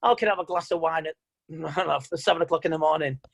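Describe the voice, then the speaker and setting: Man, mind coach, animated and chatty, online seminar. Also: on the high side, fast talker, creaky, rough recording. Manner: animated, chatty, quotes people in mock voices. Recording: video call audio.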